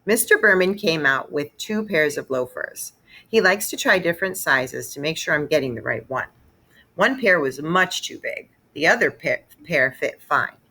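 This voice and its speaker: A woman reading a children's novel aloud, expressive and storytelling. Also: sits low, moderate pace. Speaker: read-aloud narrator.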